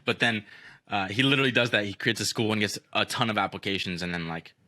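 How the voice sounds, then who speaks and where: Young male podcast host, deep bright voice, rambling profane storyteller. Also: fast, dry recording. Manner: profane, rambling with many fillers. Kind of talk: casual storytelling chat.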